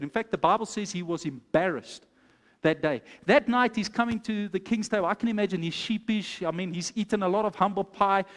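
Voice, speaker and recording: A man's voice: sits high, long reverb tail. A man, a pastor preaching a sermon, telling the story and exhorting his congregation.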